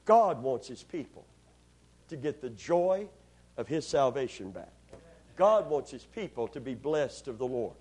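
Folksy husky-voiced preacher man. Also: medium pitch, sing-song, unhurried, a little mellow. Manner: folksy, joking, repeats words. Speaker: pastor. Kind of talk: sermon.

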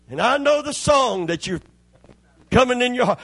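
A man's voice: very high voice, lively intonation, moderate pace, gravelly, sharp tone, no room sound. A man preaching a sermon as pastor, folksy and impassioned.

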